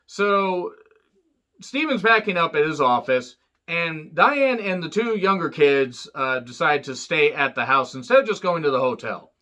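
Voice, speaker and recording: Bright-voiced man rambling through a film recap. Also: sing-song, a little slow. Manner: rambling and profane, with many fillers and wisecracks; jumps up in pitch when acting out quotes. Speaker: movie reviewer. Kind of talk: casual spoken film recap.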